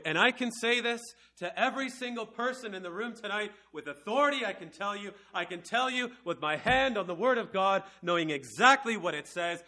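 A man preaching an evangelical sermon to a room of young and older listeners, swinging from slow, quiet lines to loud, emphatic ones. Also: fairly high pitch.

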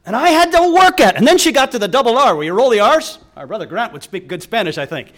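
Middle-aged male preacher, sermon delivery, high voice, animated storyteller. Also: fast talker. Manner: storytelling with quoted voices and wide swings in emphasis.

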